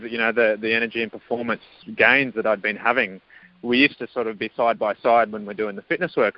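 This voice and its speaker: Casual man, low and dry. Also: dry recording, muffled recording. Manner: casual, many fillers like "you know". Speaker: guest. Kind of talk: telling a personal story in an interview.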